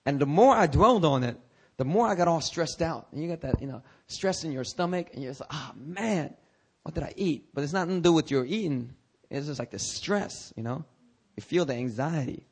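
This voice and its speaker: A man's voice: fairly high pitch, lively intonation, fairly quick, a little mellow, breathy edge. A male pastor preaching a sermon, talking candidly with his congregation and breaking into dramatic, rising cries. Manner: conversational, candid asides to the congregation.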